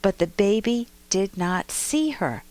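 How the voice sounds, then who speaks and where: A woman psychologist and podcast host gives relationship advice and tells lively, detailed stories. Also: mid-range voice, slow pace, no echo. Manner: warm, lively storytelling with vivid detail. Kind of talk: relationship advice talk and storytelling.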